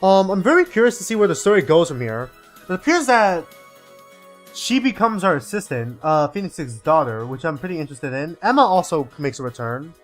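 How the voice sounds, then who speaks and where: A male gaming streamer talks casually over his game, rambling and musing with a lively, up-and-down pitch. Soft game music plays faintly behind him. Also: fairly quick. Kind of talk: casual live gameplay commentary.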